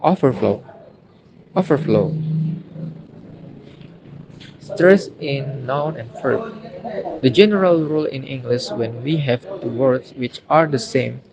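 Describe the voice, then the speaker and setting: A man's voice: medium pitch, unhurried, crowd noise, poor audio. A young man, a university student from Indonesia, reads a phonology lesson aloud, carefully saying each example word two or three times. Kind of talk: reading a recorded phonology lesson.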